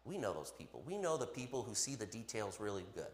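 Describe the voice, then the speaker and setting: A man preaching a sermon in a church, emphatic and animated, with playful asides to the congregation. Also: on the low side, fast. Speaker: pastor. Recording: echoey hall.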